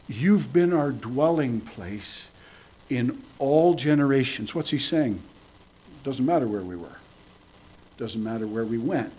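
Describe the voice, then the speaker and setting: A man preaching a sermon to his congregation, earnest, repeating phrases for emphasis and dropping from emphatic lines to hushed ones. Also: medium pitch, slightly rough. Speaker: pastor. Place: church service.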